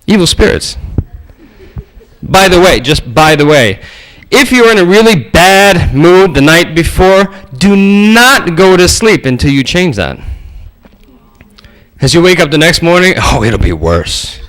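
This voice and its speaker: A man lectures a workshop audience with humorous anecdotes, acting out the voices in them. His voice sits high and swings widely in pitch. He speaks to the room directly and drops casual swears. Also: measured pace, low-quality recording. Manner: animated storytelling, acts out voices, casual swearing.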